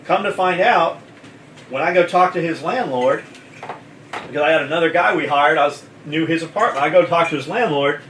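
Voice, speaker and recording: A man's voice: a little high, a little fast, fairly bright tone, slight background noise. A man who owns a gear company, telling a story in casual chat, blunt and full of swearing. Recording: echoey room, mic at a distance, faint kitchen clatter.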